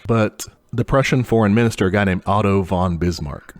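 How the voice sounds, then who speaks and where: A young man co-hosting a podcast, telling history in a loose, profane way and putting on quick mock voices for the people in it. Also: on the low side. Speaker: podcast co-host. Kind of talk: casual history chat.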